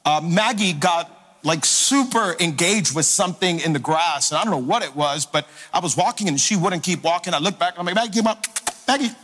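A man preaching to his congregation as a pastor, energetic and playful, calling out to the crowd. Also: fairly high pitch, fairly quick. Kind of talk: sermon. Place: church sanctuary. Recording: long hall reverb with faint music.

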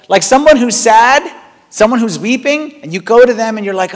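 Brief: male priest, thirties, high voice, chatty animated sermon, long church reverb. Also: a little fast. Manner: conversational, animated preaching with rising emphasis. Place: large church hall.

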